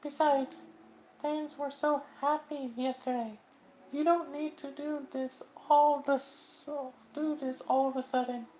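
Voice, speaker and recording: A man voicing a cheerful teenage girl who hides her sadness, in a high, soft falsetto. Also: level tone, slow pace, a little hiss or hum, rough recording. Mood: pleading.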